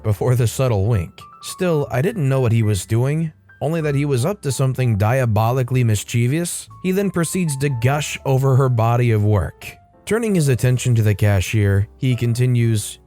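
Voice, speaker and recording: Dark-voiced male story narrator. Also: mid-range voice, lively intonation, moderate pace, soft background music. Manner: wry, conversational storytelling. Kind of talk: reading online stories aloud.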